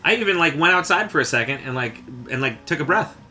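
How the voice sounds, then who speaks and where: A man's voice: on the high side, lively intonation, quick pace, sharp tone. A man hosting a podcast, chatting casually with jokes and lots of fillers. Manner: rambling, jokey, lots of fillers. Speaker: podcast host. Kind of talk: casual chat.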